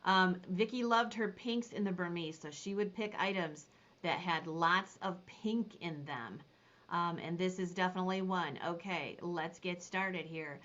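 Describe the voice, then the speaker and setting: A woman running a live online consignment auction, describing each item and then calling bids in rapid repeated phrases. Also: lowish voice, a bit bright, muffled recording. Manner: rapid repetitive bid calling.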